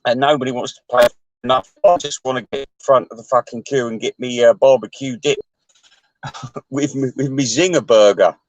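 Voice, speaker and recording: A man chatting to his viewers in a rambling, sweary way, chuckling often and jumping his voice up high. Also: steady tone, moderate pace, no room sound, muffled recording. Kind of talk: casual rambling chat.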